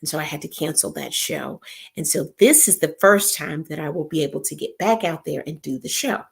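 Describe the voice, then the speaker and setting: A woman's voice: low voice, fairly quick, gravelly, breathy edge. A woman, hosting a live stream and talking straight to viewers with encouraging, preachy advice. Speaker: live-stream host and comedian. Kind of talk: casual chat to viewers.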